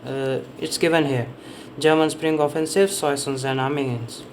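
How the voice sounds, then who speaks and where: A man's voice: a little high, fairly even intonation, moderate pace, slight background noise, poor audio. A man giving a casual spoken summary of a history book, rambling and often correcting himself as he stumbles over names and dates. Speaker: book reviewer.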